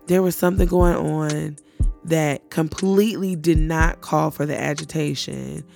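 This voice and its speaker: A woman hosting a personal faith podcast who talks candidly and reflectively, often pausing with fillers. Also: low voice, vocal fry, darkish tone. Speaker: podcast host.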